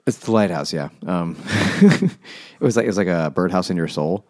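A man's voice: deep voice, animated, normal speed, darkish tone. A man co-hosting a casual, joking book discussion, swearing and laughing as he talks.

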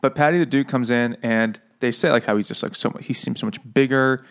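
A man's voice: medium pitch, a little fast, creaky. Laughing, loose-talking man host. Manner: laughs often, loose and profane. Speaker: podcast host. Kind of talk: casual book chat over beers.

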